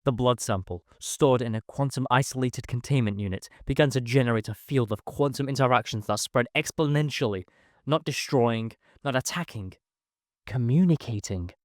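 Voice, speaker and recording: A man reading a first-person science fiction story in a measured, dramatic storytelling manner. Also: medium pitch, no echo, clean studio sound. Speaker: narrator. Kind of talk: scripted first-person sci-fi narration.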